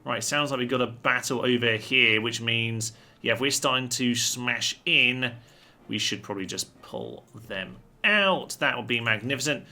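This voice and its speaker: A man's voice: medium pitch, normal speed, sharp tone. Wry man commentating a strategy game. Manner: chatty, wry, thinking aloud. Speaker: gaming channel host.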